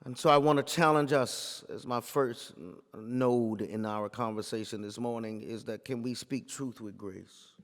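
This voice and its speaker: A man, a pastor, giving a talk full of storytelling in a preaching cadence, repeating phrases and building to forceful peaks. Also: medium pitch, measured pace, hardly any pauses, long reverb tail.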